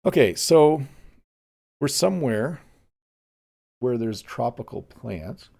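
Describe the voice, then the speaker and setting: A man, teaching English in a relaxed live-streamed lesson. He thinks aloud, with frequent ums. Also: mid-range voice, slow, creaky, breathy edge. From Canada.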